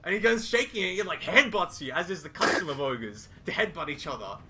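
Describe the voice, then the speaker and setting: A man narrating as game master, telling the story in a lively, improvised way. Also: a little high, fairly quick, a little hiss or hum.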